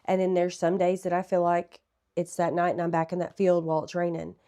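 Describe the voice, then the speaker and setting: A woman's voice: on the low side, completely flat delivery, a little fast, clear, resonant tone. A woman in her thirties, a guest in an interview, speaking candidly and reflectively. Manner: candid, reflective, softly spoken. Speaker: guest sharing a testimony. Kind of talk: personal testimony in an interview.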